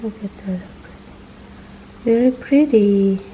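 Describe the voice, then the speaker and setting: Filipina woman, home vlog host, excitable, with faint hiss behind. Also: medium pitch, slow pace. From Philippines. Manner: chatty, excitable, laughs often. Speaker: vlogger. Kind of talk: casual home vlog chat.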